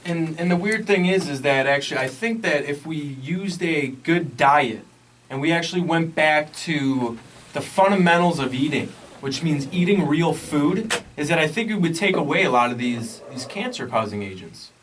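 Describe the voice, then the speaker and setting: A man's voice: on the high side, lively intonation, moderate pace, a bit bright, distant mic, slight background noise, rough recording. A man hosting a podcast, talking in an earnest, preachy way about health and diet. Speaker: podcast host. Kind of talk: casual podcast chat.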